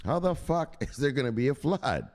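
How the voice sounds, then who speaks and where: A man's voice: mid-range voice, sing-song, moderate pace, a little mellow, in a large hall, pitched above the performer's own voice. A man voicing jeering townsmen who scoff at an ark builder in crude slang.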